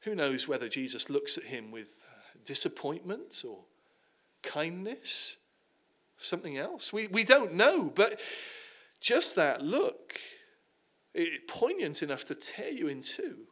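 A man preaching a sermon, retelling the passage dramatically and dropping to hushed tones at the heavy moments. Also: a little high, sing-song, takes it slowly.

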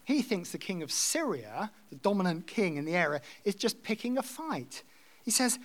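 A man's voice: high voice, sing-song, normal speed. A man preaching a sermon, reading scripture aloud and explaining it in a conversational way. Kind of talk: expository sermon.

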